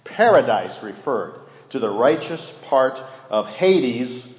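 A pastor preaching a sermon, rising to loud emphasis and asking the congregation rhetorical questions. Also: male voice, medium pitch, sing-song, slow pace. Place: church sanctuary. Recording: echoey hall, dull muffled sound.

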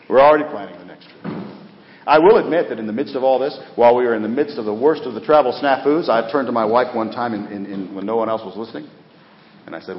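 A middle-aged pastor preaches with passion, his low voice climbing on urgent appeals and then sinking almost to a whisper. It is a dull, muffled recording that rings through a big church hall, with faint noise underneath. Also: animated, quick pace. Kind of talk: sermon. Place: church sanctuary.

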